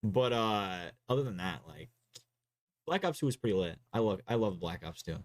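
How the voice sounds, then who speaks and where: A man's voice: lowish voice, lively intonation, normal speed. A young man streaming and co-hosting a casual gaming chat, rambling with many fillers and swear words. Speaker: streamer and co-host.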